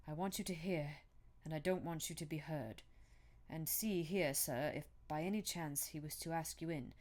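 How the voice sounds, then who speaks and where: A woman's voice: low-pitched, moderate pace, darkish tone. A woman doing an anxious old butler. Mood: anxious, urgent. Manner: harsh and broken, urgent.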